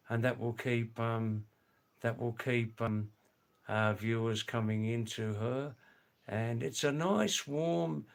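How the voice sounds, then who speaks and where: An older man hosting a casual live stream from home, reading viewer comments in a slow, rambling way and repeating his words. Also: medium pitch. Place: home in a small farming hamlet.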